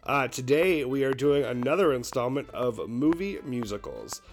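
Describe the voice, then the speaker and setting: A man with a husky, slightly hoarse voice from a lingering cold, bantering playfully as a podcast co-host. His pitch moves around a lot as he jokes. A faint music bed sits under the talk. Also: lively intonation, moderate pace. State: husky from the tail end of a cold. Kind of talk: casual chat.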